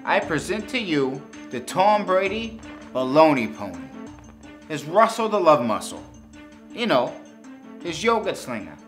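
A man with a Boston accent giving a brash, crude comedy sales pitch to investors. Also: very animated, a little slow, fairly bright tone. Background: music.

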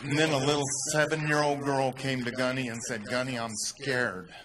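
A man with a Texan accent telling a story in a speech to a crowd, rising to loud, emphatic peaks. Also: mid-range voice, steady tone, normal speed, noisy background. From Texas. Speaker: speaker at a rally.

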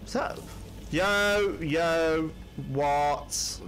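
A man with commenting on a video game he is playing, excitable, jumpy and swearing often. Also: a little high, drawn-out words, slight background noise. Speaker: gaming channel host. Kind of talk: let's-play commentary.

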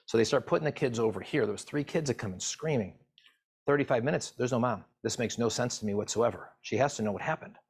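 A middle-aged man, a physician assistant, telling a painful story from his work in a halting, emotional way. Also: mid-range voice, husky. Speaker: physician assistant and medical educator. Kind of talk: personal story told to camera.

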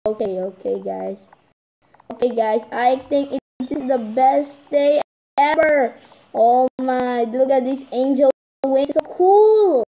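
High-voiced excitable woman gamer. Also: slow, highs cut off. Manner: excitable, keeps repeating "guys". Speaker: gaming vlogger. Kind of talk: casual game commentary.

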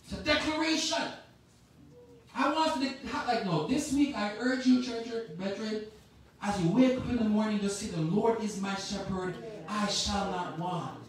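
Lady preacher in a church, swings loud to quiet, really echoey and kinda far from the mic. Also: mid-range voice, normal speed. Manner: impassioned, swings from loud exhortation to quiet reflection. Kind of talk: sermon. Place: church sanctuary.

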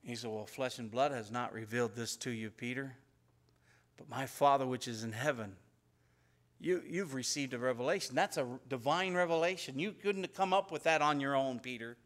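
A pastor telling Bible stories in a conversational sermon and acting out the dialogue. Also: male voice, medium pitch, normal speed. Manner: conversational storytelling, acts out biblical dialogue. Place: church.

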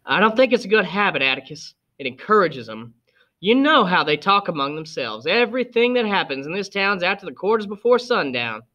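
A man's voice: sits high, sing-song, a little fast, bright, forceful tone, muffled recording, voice pushed up, exaggerated voice. A man voicing a stern, prim older aunt who scolds in a starchy way. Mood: disapproving.

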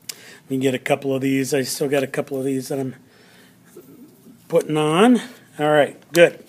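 Slow, patient male teacher. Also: a little high. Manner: slow, patient, repeats words for emphasis. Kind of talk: classroom lesson video.

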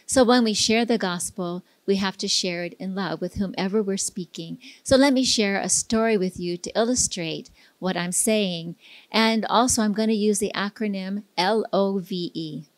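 A woman's voice: mid-range voice, normal speed, no echo. Lady telling her story at church, earnest, plays out the dialogue, dry close mic. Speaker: pastor's wife sharing a testimony. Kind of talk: sermon testimony storytelling.

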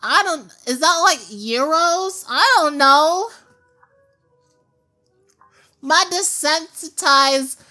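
A woman with a high, bright voice commentates a game at a relaxed pace. She is goofy and self-mocking, chatting playfully as she plays. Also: slow pace. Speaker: gaming YouTuber.

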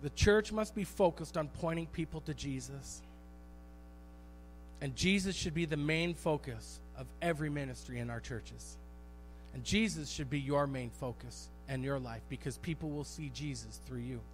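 A man with a notably high voice preaches a sermon from a church pulpit. He tells stories with animation and repeats key phrases for emphasis. Faint music plays underneath. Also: moderate pace. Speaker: pastor. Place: church sanctuary.

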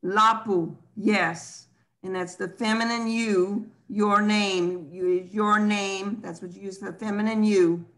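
A woman's voice: medium pitch, steady tone, slow pace, a bit bright. Patient woman teaching a class. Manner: patient, explaining step by step. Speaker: language teacher. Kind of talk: online language class.

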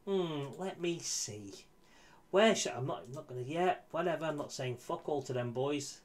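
A man's voice: on the high side, lively intonation, normal speed. A man giving casual, exasperated commentary on his football management game, swearing and talking to his viewers. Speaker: gaming YouTuber.

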